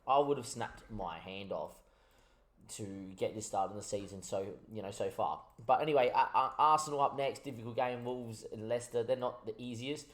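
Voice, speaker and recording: A man giving casual commentary on his football management game, a little tipsy from wine, switching between excitable mock match calls and chatty asides. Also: mid-range voice, moderate pace.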